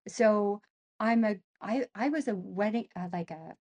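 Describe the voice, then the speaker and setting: Halting woman searching for words. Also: medium pitch, darkish tone. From northern Canada. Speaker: interview guest. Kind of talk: casual conversation.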